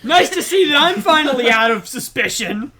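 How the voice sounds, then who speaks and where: Goofy, rambling woman in a group chat. Very animated and high, with crowd noise in the background. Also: moderate pace. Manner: goofy, rambling jokes with lots of laughter.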